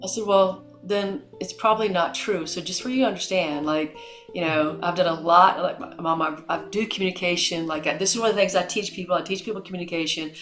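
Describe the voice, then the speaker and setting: Middle-aged woman podcast host, lowish voice, acts out convos, roomy echo, faint music. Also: fast talker. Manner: animated storyteller, acts out dialogue. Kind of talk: conversational interview.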